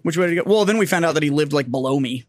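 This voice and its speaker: A man in a casual podcast chat, teasing his friends with quick profane quips. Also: on the high side, lively intonation, dry recording, studio quality. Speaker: podcast co-host. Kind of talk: casual banter.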